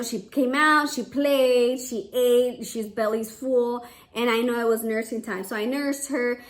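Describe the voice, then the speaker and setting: A young woman, a mother, chatting casually to camera, with a lot of "like" and restarts. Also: a little high. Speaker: vlogger, mother.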